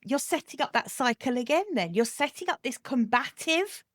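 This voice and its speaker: A woman hosts a conversational podcast interview. She speaks reflectively and earnestly, with a slightly high voice. The recording is dry and close. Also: animated, moderate pace, fairly bright tone, no echo. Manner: reflective, earnest, candid about herself. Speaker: podcast host.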